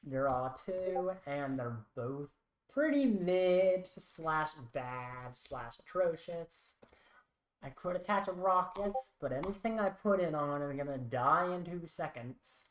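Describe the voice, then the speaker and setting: A woman talks through her card game moves at a leisurely pace, half to herself and a little wry. Her voice sits low. The sound carries a roomy echo. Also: animated, slow pace. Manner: muttering, thinking aloud, wry. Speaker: streamer. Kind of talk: live-stream card game commentary.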